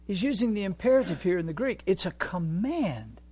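A man preaching a sermon, moving from quiet reflection to loud, fervent exhortation. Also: high-pitched, very animated, fairly quick, few pauses, slightly rough, no echo.

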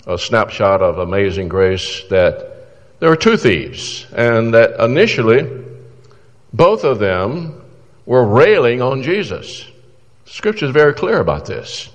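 A man's voice: medium pitch, in a large hall, dull audio. A man preaching a sermon in an earnest, exhorting way, pleading with his listeners through questions.

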